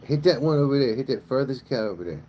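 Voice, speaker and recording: Laid back guy swearing his way through a stream by the cows, mellow voice, faint birds and outdoor hum behind. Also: mid-range voice, lively intonation, quick pace, low-quality recording. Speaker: livestream host. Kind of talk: casual livestream chat. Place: outdoors by a cow pasture.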